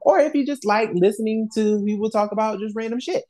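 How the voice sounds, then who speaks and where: A man co-hosting a podcast in casual chat, animated and slangy, laughing often. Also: high-pitched, brisk. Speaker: podcast co-host.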